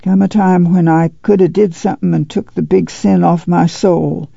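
A man voicing a guilt-ridden, sorrowful farm uncle who talks haltingly in rural dialect. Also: sits high, fairly even intonation, gravelly, dark tone, slightly rough, no echo, exaggerated voice. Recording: dull dry lo-fi studio read.

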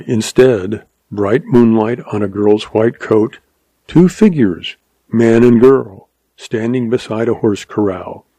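A man narrating a western story in a measured, unhurried audiobook reading. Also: mid-range voice, warm tone, breathy edge, dry recording.

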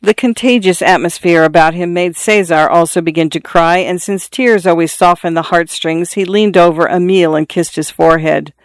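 A narrator reading a literary story aloud in a measured, steady way, close to a studio mic. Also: mid-range voice, no echo. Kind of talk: scripted audiobook narration.

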